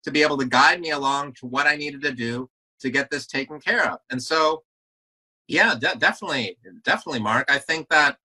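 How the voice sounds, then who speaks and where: Podcast guest: earnest man with a very bright, forceful, tense tone who often restarts his sentences. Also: mid-range voice, a little fast, poor audio. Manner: earnest, repeats words as he restarts. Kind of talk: casual interview talk.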